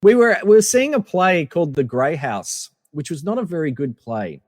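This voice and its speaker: Man rambling through a story on a podcast, voice a bit high, dry close mic but with a long reverb tail. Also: very animated, normal speed. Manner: rambling, many fillers and restarts. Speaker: podcast guest. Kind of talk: casual anecdotal storytelling.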